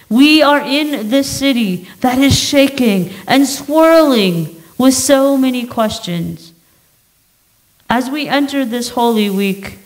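Slow, measured woman preaching. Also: on the high side, poor audio. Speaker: pastor. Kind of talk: sermon. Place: church sanctuary.

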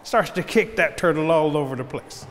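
Male oral storyteller, animated, fairly high lively voice, reverberant recording. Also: normal speed. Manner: animated, acts out the action. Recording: long reverb, faint noise.

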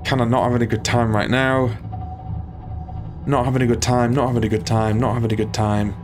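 Jittery gamer, swearing to himself. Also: male voice, medium pitch, little pitch movement, fairly quick, over music. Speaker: gaming channel host. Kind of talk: let's play commentary.

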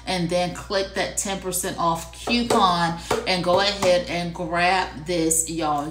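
Woman, live shopping host, chatty, low-ish voice, roomy echo. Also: fairly even intonation, unhurried, a bit bright. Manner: chatty, addresses viewers as y'all, repeats for emphasis. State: coughing and clearing throat. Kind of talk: casual live-selling chat.

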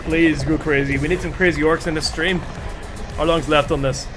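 A man with a Northern Irish accent, commentating live on his gameplay in an excitable, chatty way, calling out to his viewers. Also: on the high side, normal speed. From Northern Ireland. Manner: excitable, chatty, calls viewers lads and chat. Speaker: game streamer. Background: music.

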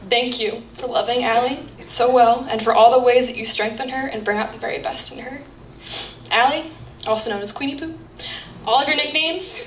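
A young woman reading a heartfelt, earnest toast at a wedding reception. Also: on the high side. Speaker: maid of honor giving a toast. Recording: roomy, distant, faint background noise.

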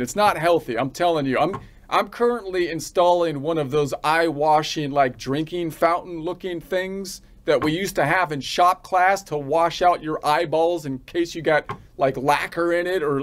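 High-voiced rambling American man. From United States. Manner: rambling, halting, restarts often. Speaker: channel host. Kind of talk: comic rant.

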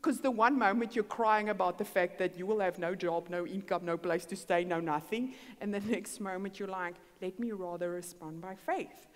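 A middle-aged woman, a guest speaker, preaches in a church hall, giving a sermon with personal testimony. She tells her story in an animated way, acting out dialogue, in a mid-range voice at normal speed with few pauses. The recording has long hall reverb.

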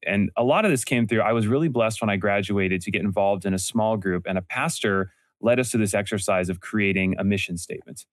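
Male guest, lower register, earnest storyteller, restarts often; dry close mic. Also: dry recording. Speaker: guest entrepreneur. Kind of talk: casual interview conversation.

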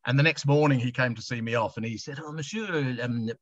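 A middle-aged Australian man tells stories over a video call, chatty and quick to laugh, often restarting his sentences. His voice is bright and forceful, in a dry space, and the sound comes through dull and lo-fi. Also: mid-range voice, no echo. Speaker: guest author. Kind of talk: anecdotal storytelling on a video chat.

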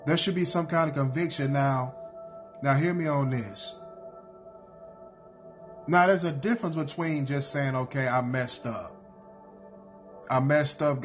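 A man preaching a sermon in a blunt, repetitive cadence, hammering his points again and again. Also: mid-range voice.

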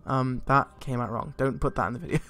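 A young man giving casual, excitable gameplay commentary, swearing a lot and laughing often. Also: medium pitch, moderate pace. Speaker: let's play gamer. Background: faint game music.

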